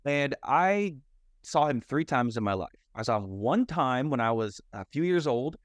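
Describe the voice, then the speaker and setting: A man's voice: mid-range voice, very animated, normal speed, no room sound, clean studio sound. Candid young man telling his story. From United States. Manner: candid, rambling, heavy on "like" and "you know". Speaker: guest, mindset and fitness coach. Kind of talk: personal storytelling in a podcast conversation.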